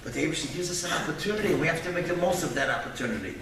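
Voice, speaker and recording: High-voiced rabbi in an echoey hall. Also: male voice, very fast. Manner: animated storyteller, drops to hushed tones for sad stories. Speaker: rabbi, keynote speaker. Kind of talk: lecture with personal stories. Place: large event hall. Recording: echoey hall from far off, faint noise.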